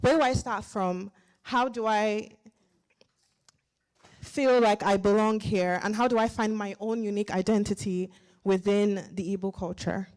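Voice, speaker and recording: A woman's voice: mid-range voice, fairly even intonation, unhurried, poor audio. A young woman from Nigeria asks a heartfelt question from the audience at a community event, speaking thoughtfully with small hesitations. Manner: thoughtful, soft-spoken, hesitant. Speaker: audience member asking a question. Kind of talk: earnest public question.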